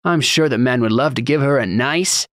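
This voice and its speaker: A man's voice: medium pitch, moderate pace, a bit bright, dry recording, studio quality, close to an everyday voice. A man voicing a sneering, bullying male laborer in a mocking, taunting drawl for an audiobook.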